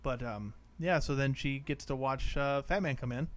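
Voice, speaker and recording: A man of average pitch co-hosts a movie review podcast. He talks in a loose, rambling way, leaning on "like" and swearing casually as he recaps scenes. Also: normal speed. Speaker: podcast co-host.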